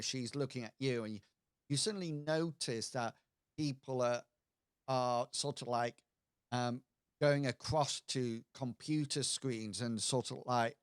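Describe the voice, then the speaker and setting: A man's voice: mid-range voice, dry recording, studio quality. A man running a tabletop game as game master, narrating in a hesitant way with many fillers and restarts.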